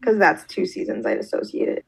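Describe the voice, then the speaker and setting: A young woman chats casually as a podcast co-host. She rambles a little as she talks and often leans on "like" as a filler. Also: fairly quick. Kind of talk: casual chat.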